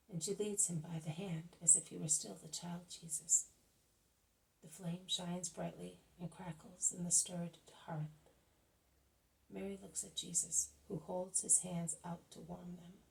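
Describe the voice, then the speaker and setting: A woman reading a spiritual book aloud, calm and measured, as the channel's reader. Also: fairly low pitch, vocal fry, recorded from a distance, low-quality recording. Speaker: audiobook reader.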